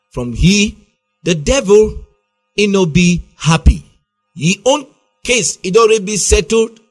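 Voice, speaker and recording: Gospel radio host. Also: male voice, on the high side. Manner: encouraging, affirms the guest.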